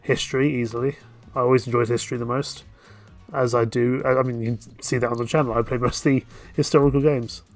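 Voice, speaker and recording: A man's voice: medium pitch, flat delivery, fast talker, faint music behind. A man streaming a game, joking and self-deprecating in casual commentary.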